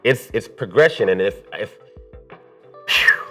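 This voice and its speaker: A man's voice: lowish voice, expressive, slow, sharp tone, faint music behind. A man, a singer being interviewed, talking openly and emphatically with a preacher-like cadence. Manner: open and heartfelt. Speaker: singer and songwriter guest. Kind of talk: candid interview conversation.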